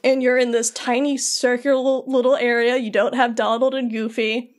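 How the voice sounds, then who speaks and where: A woman co-hosting a podcast, retelling a video game's story in casual chat, animated and quoting characters in playful voices. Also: on the high side, normal speed. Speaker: podcast co-host.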